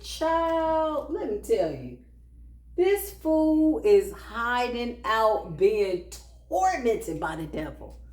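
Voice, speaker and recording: Animated sassy woman storyteller, roomy echo. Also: sits high. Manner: animated, sassy, laughs often, acts out quotes. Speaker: spiritual practitioner. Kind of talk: casual storytelling monologue.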